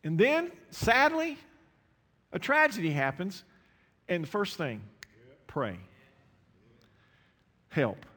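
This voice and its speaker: A man's voice: high voice, huge pitch swings, slow pace, long pauses. Impassioned man preaching in an echoing hall. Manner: impassioned, repeats words, swings from quiet to shouting. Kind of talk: sermon. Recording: long hall reverb.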